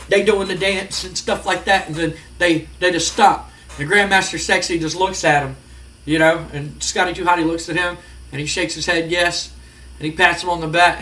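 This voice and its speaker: A man narrating his wrestling management game, excitedly acting out the wrestlers' lines and reacting to results. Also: sits high. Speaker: gaming video host. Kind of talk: narrating a wrestling sim playthrough.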